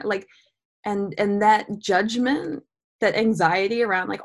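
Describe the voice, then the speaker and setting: A woman's voice: medium pitch, steady tone, moderate pace. A woman with a mid-range voice speaks reflectively in a casual podcast conversation. She fills her speech with "like" and playful comparisons as she thinks aloud. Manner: reflective, uses "like" often, playful analogies. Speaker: podcast co-host.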